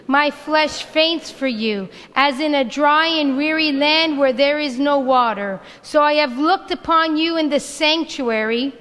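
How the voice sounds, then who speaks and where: A woman pastor preaching a sermon in a church, reading scripture slowly and with emphasis, often repeating lines. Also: sits high, fairly bright tone. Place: church sanctuary. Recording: reverberant church hall with music. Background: worship band music.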